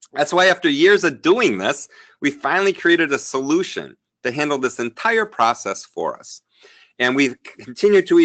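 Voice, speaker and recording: Animated, salesy man hosting a webinar. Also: medium pitch. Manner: upbeat, chatty, salesy, talks to the chat. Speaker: webinar host. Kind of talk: live sales webinar with a software demo.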